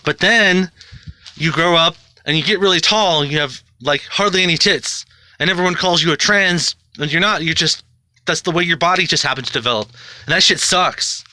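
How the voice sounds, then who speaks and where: Sharp-voiced man in a profane ramble. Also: fairly high pitch, moderate pace, no echo. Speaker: video host. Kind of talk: casual monologue.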